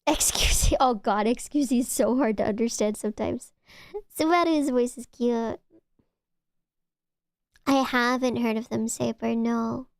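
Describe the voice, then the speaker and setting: A woman's voice: on the high side, fairly even intonation, measured pace, vocal fry, pauses often, darkish tone, smooth, no echo, clean studio sound. A woman streamer chatting casually with her viewers, gushing and often stumbling over her words. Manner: chatty, stammering restarts, gushing. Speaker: VTuber streamer. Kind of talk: casual chat with live chat.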